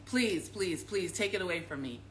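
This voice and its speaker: A woman's voice: lowish voice, lively intonation, moderate pace, slight background noise, voice pushed down, lightly acted, rough recording. A frightened man pleading, as a woman acts him. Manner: stammering and pleading.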